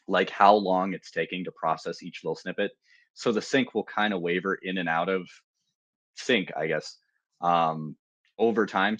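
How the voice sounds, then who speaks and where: A man's voice: low voice, fairly bright tone, dry recording, muffled recording. A man presenting a security tool in a live technical demo, talking casually with fillers and restarts.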